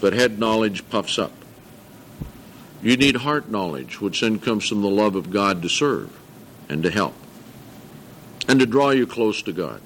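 An older man preaching a sermon to a congregation, earnest, slowing down to stress scripture and correcting himself as he goes. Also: on the low side, animated, fairly bright tone, slight background noise. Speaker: pastor.

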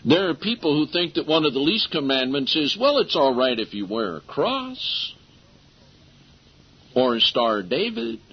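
A husky-voiced man preaches a sermon, reading scripture aloud in an emphatic way. He slows right down to drive home key phrases. The recording is dull and lo-fi. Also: a little high, big pitch swings.

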